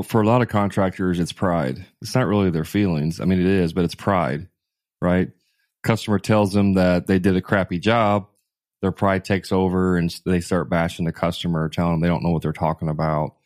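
Deep-voiced male co-host coaching contractors, blunt and emphatic, hammers his points home. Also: brisk, darkish tone. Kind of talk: casual podcast conversation.

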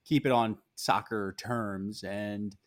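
A man's voice: fairly low pitch, fairly even intonation, slow pace. A man co-hosting a podcast, talking in a laid-back, joking way in casual chat. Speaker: podcast co-host.

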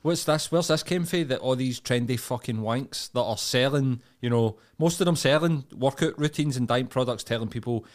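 A man's voice: medium pitch, moderate pace, hardly any pauses. A Scottish man co-hosting a podcast, talking bluntly in casual, sweary chat and laughing often. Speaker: podcast co-host.

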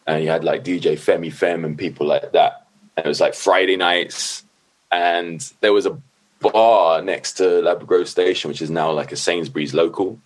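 A middle-aged man, telling stories as a guest in a loose, animated way, swearing freely and leaning on "like" and "you know what I mean". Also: deep voice. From London. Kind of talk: casual storytelling.

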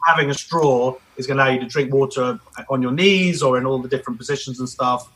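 A man's voice: mid-range voice, quick pace, fairly bright tone, poor audio. A man, a comedian, talking as a podcast guest in a blunt, emphatic, storytelling way. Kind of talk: podcast conversation.

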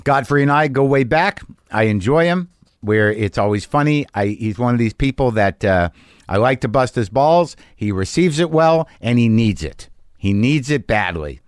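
A man's voice: mid-range voice, animated, normal speed, clear, resonant tone, no room sound, studio quality. A man hosting a podcast, telling a story in a casual, profane, worked-up monologue. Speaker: podcast host.

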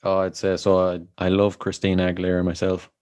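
A man's voice: low voice, completely flat delivery, fast talker, a little mellow, clear, resonant tone, no room sound. A man hosting a casual interview chat, asking questions and laughing often at his guest's stories. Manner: laughs often, short reactions. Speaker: podcast host.

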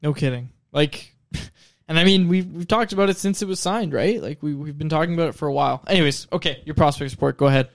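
A man with a slightly higher voice speaking in a dry, close recording. He chats casually as a podcast co-host, mostly tossing in short prompts to keep the show moving. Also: fast talker, gravelly, no room sound. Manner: brief, prodding interjections. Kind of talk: casual sports chat.

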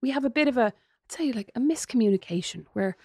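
Quick, lively Irish woman telling stories. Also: fairly high pitch, slightly rough, no room sound, clean studio sound. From Ireland. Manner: animated storyteller who acts out voices. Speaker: podcast co-host. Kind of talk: casual chat with her sister.

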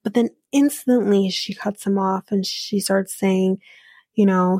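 A woman's voice: mid-range voice, fairly even intonation, measured pace, dark tone, no room sound. A woman hosting a podcast, casually recapping a reality show in a chatty, opinionated way with frequent ums and asides.

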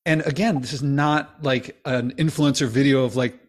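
A man in his fifties hosting a podcast, chatting casually and eagerly with a guest. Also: mid-range voice. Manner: quick, animated, chatty with restarts. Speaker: podcast host. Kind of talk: casual conversation.

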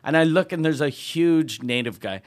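A man's voice: on the high side, normal speed. A male comedian and podcast host telling a story in a casual, profane way, laughing as he goes. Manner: profane, laughing as he tells anecdotes.

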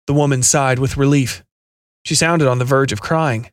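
A man's voice: mid-range voice, steady tone, moderate pace, no echo, studio quality. Man narrating a sci-fi horror story. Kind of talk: scripted horror fiction narration.

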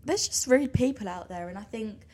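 A woman's voice: on the high side, lively intonation, fairly quick, darkish tone. A young woman from England, co-hosting a podcast, talking frankly in casual chat. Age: young adult. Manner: frank, chatty, reacts with sympathy. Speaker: podcast co-host.

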